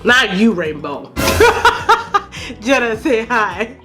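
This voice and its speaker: A woman's voice: a little high, huge pitch swings, very slow, over music. A woman vlogger chatting animatedly and retelling a story for her viewers. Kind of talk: storytime vlog.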